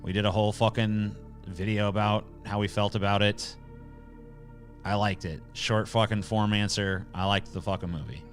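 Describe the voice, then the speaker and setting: A man with a lowish voice hosts a casual livestream and answers viewer questions one after another. He talks bluntly and sarcastically and swears often. Faint music plays behind him. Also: steady tone, moderate pace. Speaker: livestream host reading chat.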